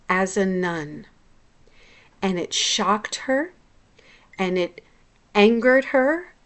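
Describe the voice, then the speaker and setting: A woman hypnotherapist talking in a casual personal vlog, reflective and confessional, often restarting her sentences. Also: mid-range voice.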